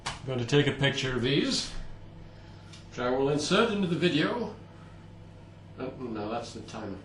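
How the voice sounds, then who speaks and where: A man's voice: medium pitch, sing-song, moderate pace, fairly bright tone, reverberant, a little hiss or hum. A man chatting casually while he bakes, with playful, self-mocking asides. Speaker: home baker vlogger. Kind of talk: casual cooking vlog. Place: home kitchen.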